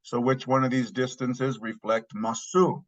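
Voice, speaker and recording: A man's voice: mid-range voice, flat delivery, measured pace, highs cut off. A man teaching a language lesson, saying each phrase twice so learners can follow.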